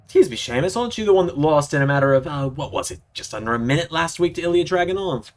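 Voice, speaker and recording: Cheeky young wrestler dude, a sick guy doing the voice, sarcastic, talks fast. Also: fairly high pitch, expressive, pitched above the performer's own voice, lightly acted. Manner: sarcastic, quick cheeky jabs. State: sick with a sore throat. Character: cheeky young male wrestler, quick retort.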